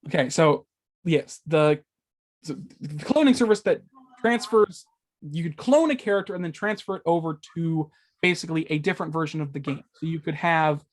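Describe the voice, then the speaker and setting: A man's voice: on the high side, moderate pace. A man hosting a casual gaming podcast, rambling with lots of fillers and stumbling over his words, swearing when he loses track. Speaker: podcast host.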